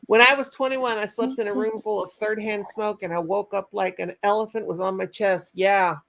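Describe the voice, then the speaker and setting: Folksy chatty woman with a gravelly voice. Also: medium pitch, steady tone, moderate pace, fairly bright tone. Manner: chatty, folksy, laughs often. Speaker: livestream host. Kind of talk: casual livestream chat.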